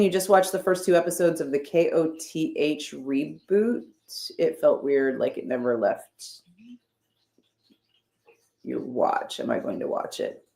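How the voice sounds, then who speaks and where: A woman's voice: low-pitched, a little mellow. A woman streamer chatting casually as she reads out and answers her viewers' messages, with wry, sarcastic asides. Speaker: streamer reading chat. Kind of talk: casual chat. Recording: roomy echo.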